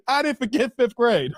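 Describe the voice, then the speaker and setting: A man hosting a casual livestream, animated and laughing often as he talks straight to his viewers. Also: very high voice, slight background noise. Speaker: channel host.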